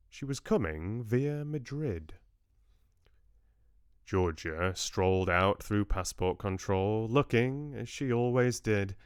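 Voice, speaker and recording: Low, unhurried male storyteller. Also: smooth, no room sound, clean studio sound. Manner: measured, expressive storytelling. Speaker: book club host reading aloud. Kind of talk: novel read aloud on a livestream.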